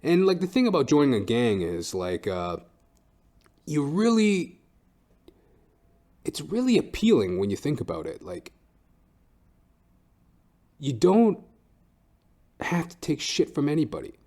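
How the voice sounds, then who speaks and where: A man's voice: on the high side, huge pitch swings, unhurried, pauses often, warm tone. A young man hosting his own podcast, a comedian ranting in a rambling, profane, filler-heavy way. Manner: rambling, swears constantly, lots of fillers and restarts. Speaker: podcast host and stand-up comedian. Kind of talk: casual profane comedic rant.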